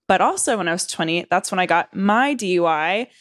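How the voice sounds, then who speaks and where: A woman's voice: animated, a little fast, a bit bright, dry recording, studio quality. A woman in her twenties from Southern California, telling a rambling, profane story with lots of fillers and restarts. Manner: acts out quoted voices in higher pitch. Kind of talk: casual storytelling chat.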